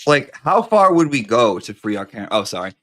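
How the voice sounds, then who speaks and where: A man's voice: mid-range voice, big pitch swings, a little fast, fairly bright tone. A man hosting a live stream in casual chat, campy, profane and rambling.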